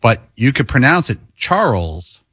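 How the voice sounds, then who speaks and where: A man on a sports radio crew, explaining things in a measured way. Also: mid-range voice, sing-song, fairly bright tone, husky, dry recording, clean studio sound. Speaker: radio co-host. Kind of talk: sports talk radio banter.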